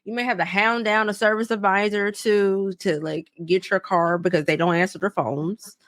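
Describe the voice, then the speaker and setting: A young woman on a podcast, telling a story in a loose, profane, animated way and acting out both sides of each exchange. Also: mid-range voice, normal speed, no echo, clean studio sound. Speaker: podcast co-host. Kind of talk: casual storytelling chat.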